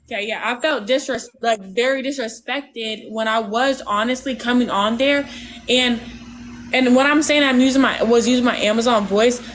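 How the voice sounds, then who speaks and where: A woman hosting a livestream, talking casually in a rambling, halting way with lots of fillers. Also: on the high side, a little hiss or hum, poor audio. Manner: says she talks with her hands, animated. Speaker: livestream host.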